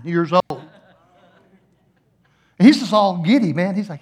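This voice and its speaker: High-voiced pastor telling a story. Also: male voice, normal speed, pauses often, slightly rough. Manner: storytelling, animated, acts out voices with humor. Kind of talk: sermon.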